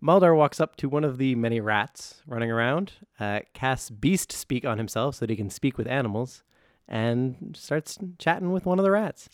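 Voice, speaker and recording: Guy calmly saying what his character does, dry close mic. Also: medium pitch, moderate pace, no echo. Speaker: player. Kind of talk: describing character actions.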